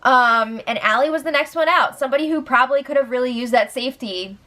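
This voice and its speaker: A woman's voice: sits high, fast talker, bright, forceful tone. A young woman hosting a casual recap show, chatty and giggly, with lots of fillers. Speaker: host recapping a reality show.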